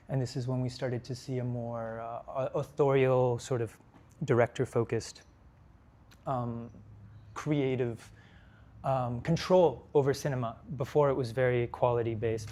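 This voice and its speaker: A man's voice: medium pitch, darkish tone. Hesitant young man giving a lecture. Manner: hesitant, many fillers and restarts. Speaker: lecture speaker. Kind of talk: conference talk. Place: lecture hall.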